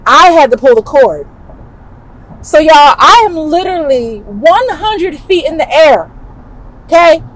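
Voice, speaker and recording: A woman hosting a podcast, telling a personal story in an animated, emphatic and conversational way. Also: high-pitched, poor audio. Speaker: podcast host.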